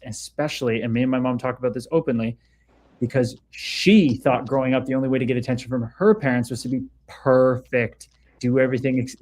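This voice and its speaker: Casual, candid male livestream host. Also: medium pitch. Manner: candid, swears freely, reads viewer comments aloud. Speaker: livestream host reading chat.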